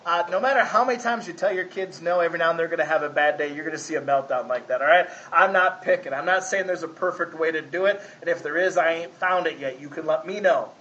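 A man's voice: on the high side, fast, few pauses, sharp tone, highs cut off, a little hiss or hum. A man preaching a conversational sermon, folksy and often asking his listeners if they follow. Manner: folksy, asks the congregation 'right?'. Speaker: pastor.

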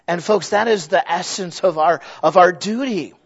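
Pastor, male, middle-aged, high voice, lively sermon with restarts, slightly muffled recording. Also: normal speed, hardly any pauses, breathy edge. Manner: lively storytelling with frequent restarts and asides. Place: church sanctuary.

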